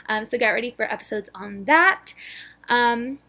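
Bubbly young woman podcasting, rushed. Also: a little high, sharp tone. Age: 20s. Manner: bubbly, rushed, many fillers. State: out of breath. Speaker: podcast host. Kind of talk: casual solo podcast chat.

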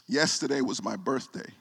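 Brief: male pastor, forties, mid-pitched, emotional sermon storytelling, long church reverb. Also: gravelly, slightly rough. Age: 40s. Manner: repeats words and restarts, voice drops soft when moved. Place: church sanctuary.

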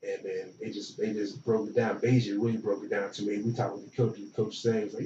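Young dude telling an old football story, chill and slangy, kinda far off in a roomy space, muffled sound. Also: male voice, on the low side, fairly quick, few pauses, slight background noise. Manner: relaxed, slangy, animated retelling with quoted dialogue. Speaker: former football player, guest. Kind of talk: casual storytelling. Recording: roomy, distant, dull lo-fi sound.

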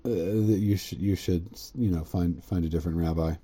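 A man's voice: normal speed, husky. A man giving a casual, rambling Torah lesson, reading Hebrew text aloud, translating it, and joking along the way. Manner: rambling, joking asides, frequent "right?"; bursts into excited high-pitched quoted voices. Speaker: teacher.

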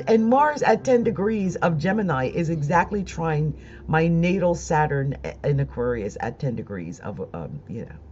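Woman astrologer rambling to her viewers, kinda low voice, upset and near tears, muffled lo-fi sound. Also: very animated, moderate pace, warm tone, soft background music. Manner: emotional, rambling, laughs between phrases. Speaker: astrology vlogger. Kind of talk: casual monologue to viewers.

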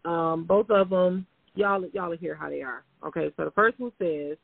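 A woman's voice: lowish voice, moderate pace, creaky, slightly rough, no echo. A woman co-hosting a casual podcast, talking straight to her listeners with slang and pet names. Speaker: podcast co-host. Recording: tinny phone-like sound.

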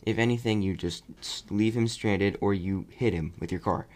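A young man casually reviewing a movie on his podcast, rambling and animated. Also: lowish voice, normal speed. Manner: rambling, animated, mocking voices when quoting. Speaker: podcast host.

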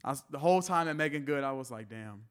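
A man's voice: fairly high pitch, racing, clean tone. A man co-hosting a podcast in casual chat, joking and slangy, laughing often. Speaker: podcast co-host.

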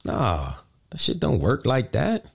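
A man hosting a podcast, ranting indignantly in casual, profane street slang, often jumping high with emphasis. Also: huge pitch swings, takes it slowly, gravelly, breathy edge. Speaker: podcast host.

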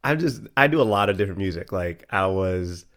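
Man, very deep voice, podcast co-host, casual chat, animated storyteller, swears freely. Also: brisk, creaky.

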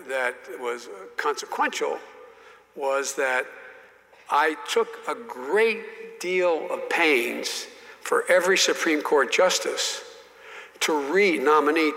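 A man's voice: on the high side, long reverb tail, rough recording. Folksy older man telling stories. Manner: folksy, animated, self-deprecating. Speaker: interview guest, former politician. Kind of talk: anecdotal storytelling in an interview.

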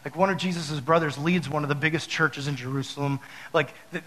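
A man with a fairly high voice gives a relaxed, chatty sermon full of fillers and asides. He acts out his own stories with loud, high bursts of mock panic. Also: brisk, noisy background. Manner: talks straight to the audience with many fillers. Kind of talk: casual sermon with storytelling.

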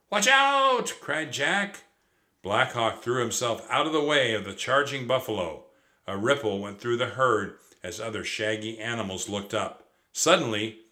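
A man's voice: on the low side, pushed and bright. A man reading a children's storybook aloud expressively, with occasional stumbles over words. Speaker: narrator.

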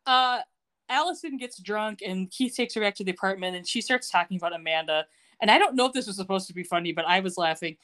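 A woman's voice: mid-range voice, fast talker, fairly bright tone. A woman co-hosting a podcast, recapping a TV episode in casual chat, sarcastic and laughing often. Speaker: podcast co-host.

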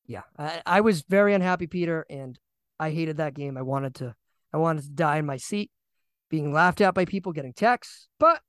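A young man co-hosting a casual sports podcast, animated and ranting, often repeating himself. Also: a little high, no room sound. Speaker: podcast co-host.

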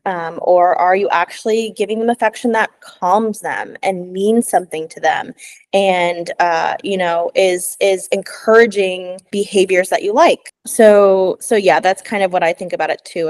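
A young woman, a dog trainer co-hosting a podcast, talking casually with lots of fillers and acted-out quotes. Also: fairly low pitch. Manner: chatty, animated quoted voices, frequent "like" and "um".

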